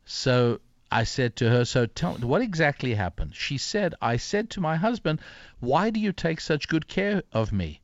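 An older man, an author being interviewed, telling a story reflectively with pauses and restarts. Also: on the high side, sing-song, lo-fi sound. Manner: reflective, many fillers and restarts. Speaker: author and guest.

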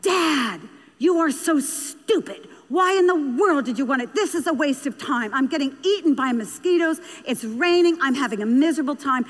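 A woman's voice: high voice, animated, moderate pace. Woman quoting a ranting, fed-up teenage girl. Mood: angry. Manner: ranting, accusing. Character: fed-up teenage girl, angry at her dad. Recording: long hall reverb.

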